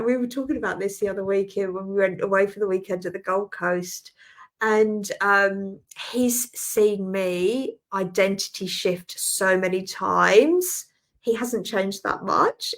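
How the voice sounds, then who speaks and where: Chatty Australian woman in her forties, mid-pitched. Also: measured pace. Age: 40s. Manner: rambling, chatty, laughs often, answers viewers by name. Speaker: spiritual healer hosting a group live. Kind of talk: casual live-stream chat.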